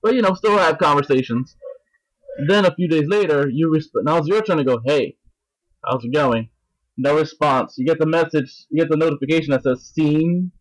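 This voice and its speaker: A man's voice: fairly high pitch, a little fast, no echo, rough recording. A man co-hosting a podcast, venting in casual chat. He rambles, swears and mimics other people's voices. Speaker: podcast co-host.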